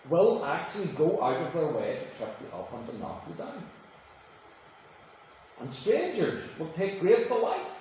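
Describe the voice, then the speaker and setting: A preacher with a medium-pitched, slightly mellow voice speaks some distance from the mic in a very reverberant church, a faint room hum underneath. His sermon moves from conversational storytelling to emphatic, rising declarations.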